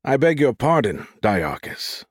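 A suspicious male official speaks in a formal, clipped manner, as a man puts him on. His voice sits a little higher than the narrator's, and the recording is dry and close. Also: very animated, moderate pace, husky, dry recording.

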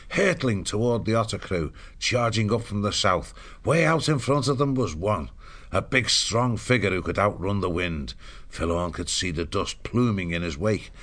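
A man narrating an audiobook in a steady, measured storytelling voice. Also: on the low side.

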